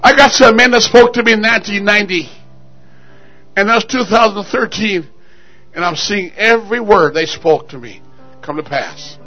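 A man preaching a fervent sermon at a church service, shouting and rousing the congregation with call-and-response. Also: high voice, normal speed, faint music behind.

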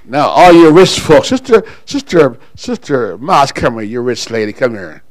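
A pastor preaching a sermon to his congregation, calling people up front and pausing for call-and-response. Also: medium pitch, big pitch swings, no echo, low-quality recording.

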